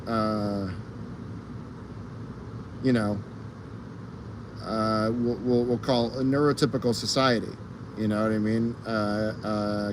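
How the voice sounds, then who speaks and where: With background noise behind his mid-range voice, a man streams live outside on a fire escape. This streamer is rambling and casually profane, laughing a lot and drifting off into fillers such as um and uh.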